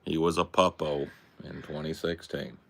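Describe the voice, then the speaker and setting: Male streamer, deep and gravelly, bright tone, slow easy chat at home with faint background noise. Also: level tone. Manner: talks baby-talk to his dog in a high voice; answers chat questions offhandedly. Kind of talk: casual live-stream chat. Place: home, near a porch.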